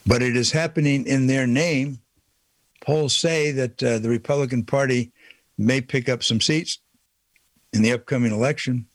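An indignant man delivering a political commentary monologue. He drives his points home with one rhetorical question after another. His voice is mid-pitched and sits dry and close, with no room sound around it. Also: steady tone, moderate pace, no echo. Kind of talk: opinion monologue.

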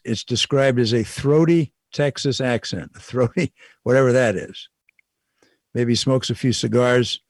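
A man's voice: mid-range voice, darkish tone, dry recording. Wry older man talking politics. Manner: wry, repetitive, chuckling asides. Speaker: political commentator. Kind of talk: casual political commentary monologue.

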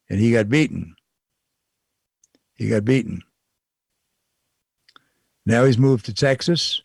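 A man's voice: mid-range voice, expressive, slow pace, vocal fry, pauses often, a little mellow, slightly rough, no room sound. Wry older man talking politics. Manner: wry, repetitive, chuckling asides. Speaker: political commentator. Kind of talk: casual political commentary monologue.

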